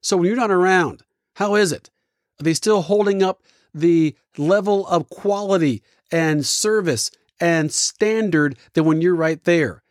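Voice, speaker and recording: A man with a fairly high voice delivers leadership advice as a motivational host. His punchy, energetic storytelling sounds dry and close to the mic. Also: unhurried, no room sound. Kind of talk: motivational talk.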